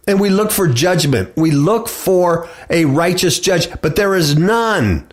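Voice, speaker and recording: A man preaching and reading scripture, taking his time over every phrase. His voice climbs and drops with lively swings. He leans hard on repeated words to hammer home each point. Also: sits high. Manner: slow, emphatic delivery, repeating words for effect. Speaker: preacher hosting a religious talk show.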